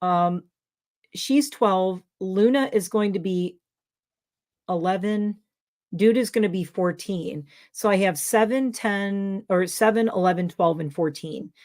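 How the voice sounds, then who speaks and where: A woman's voice: mid-range voice, takes it slowly, darkish tone. A woman hosting a casual livestream chat, a dog trainer who rambles with lots of fillers. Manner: rambling, filler-heavy talk. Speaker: livestream host.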